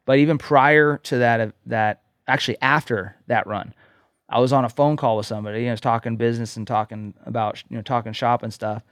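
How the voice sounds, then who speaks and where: A man's voice: medium pitch, fairly even intonation, brisk, a bit bright, no room sound, studio quality. A man co-hosting a podcast, telling a personal story in an earnest way and often checking in with "okay?". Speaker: podcast co-host, coach. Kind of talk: casual podcast conversation.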